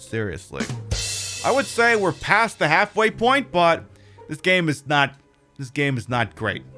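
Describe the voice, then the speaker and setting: A man's voice: a little high, fairly bright tone. A man who streams as a drag queen, chatting casually and profanely to his audience and using lots of fillers. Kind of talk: casual livestream chat.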